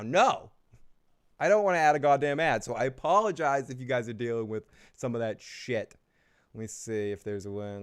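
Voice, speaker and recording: A man hosting a live review stream, chatting loosely and swearing freely. He circles back on himself and restarts his sentences, sitting at a middling pitch. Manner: rambling, profane, restarts often. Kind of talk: casual live review chat.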